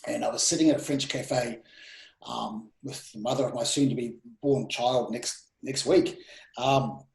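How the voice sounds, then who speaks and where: Animated man telling stories in an echoey room. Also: mid-range voice, measured pace, creaky. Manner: animated, voice rising and dropping sharply. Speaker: podcast guest, presenting mentor. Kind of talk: casual storytelling interview.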